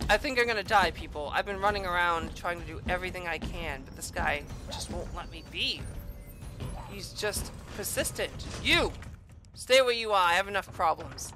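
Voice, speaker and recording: Excitable, profane woman gaming. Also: mid-range voice, moderate pace, faint music behind. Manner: excitable, profane, swings between groans and shrieks. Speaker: game streamer. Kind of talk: let's play commentary.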